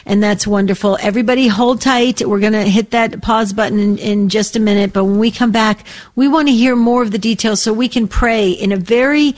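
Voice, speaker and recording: A woman co-hosting a call-in radio show, speaking warmly and with care to callers. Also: medium pitch, a little fast, few pauses. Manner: warm, caring, prayerful.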